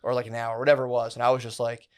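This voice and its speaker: Podcast host guy rambling a story, swears a lot, says dude and like nonstop, normal middle pitch. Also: completely flat delivery, racing, smooth. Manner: rambling, profane storytelling full of "like" and "dude", acting out quotes. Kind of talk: casual podcast chat, storytelling.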